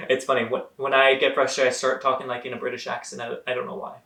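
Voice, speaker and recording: A man's voice: mid-range voice, monotone, brisk, gravelly, pushed and bright, roomy sound. A young man giving an earnest, motivational vlog monologue, talking straight to his viewers and calling them guys. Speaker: vlogger.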